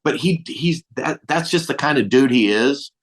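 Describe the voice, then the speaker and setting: This guest is a middle-aged comedian swapping stories in casual conversation, performing the dialogue and using light profanity. His mid-range voice has lively intonation and a moderate pace.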